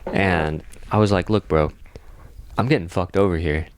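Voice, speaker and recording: A man's voice: sits low, normal speed, clean tone. A young man telling a long dream story on a podcast, rambling with lots of fillers and swearing. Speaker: podcast co-host. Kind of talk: casual storytelling.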